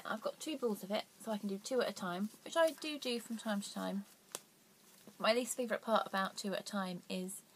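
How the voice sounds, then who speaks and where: A young woman with a medium-pitched voice hosts a laid-back knitting vlog, rambling and self-deprecating, occasionally going down to near whispers. There's a little hiss or hum in the recording.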